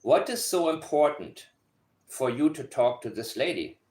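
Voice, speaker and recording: A true-crime commentator with a non-native accent analyzes a case casually to camera, sarcastic and emphatic, repeating points to drive them home. His voice is a little high and a little mellow, with lively intonation and a slightly slow pace.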